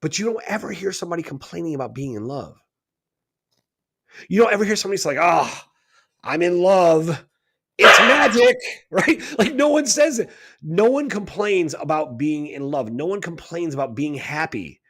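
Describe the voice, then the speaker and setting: A man's voice: fairly high pitch, expressive, brisk. A man co-hosting a radio talk show, talking in an emphatic, preachy way and often tossing in "right?". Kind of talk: casual spiritual talk.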